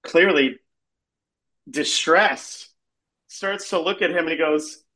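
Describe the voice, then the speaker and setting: A man's voice: on the high side, slow, long pauses, sharp tone, low-quality recording. A man improvising an absurd comic story, rambling and leaning on filler words. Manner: rambling, heavy use of filler "like".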